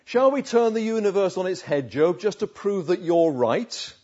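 A self-righteous accuser rises into loud, mocking outrage, as a preacher puts him on. His voice sits high and a little husky. The recording is dull and lo-fi. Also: animated, moderate pace. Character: indignant self-righteous male accuser, shouting down a friend.

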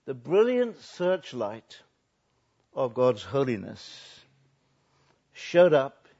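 An older man, a pastor, preaching a sermon, swinging between soft and loud and drawing out words for emphasis. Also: on the high side. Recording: dull lo-fi recording.

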